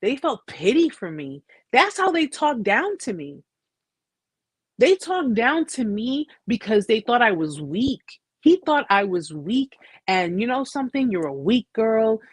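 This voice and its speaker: A woman's voice: a little high, big pitch swings, unhurried, husky, dry recording. An American woman hosting a live chat, telling her story in a casual, blunt way with slang and frequent restarts. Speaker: host.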